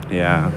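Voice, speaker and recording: A deep-voiced Londoner rambles chattily while livestreaming a walking tour of a city park by the water, repeatedly asking "do you know what I mean." The outdoor recording is very noisy.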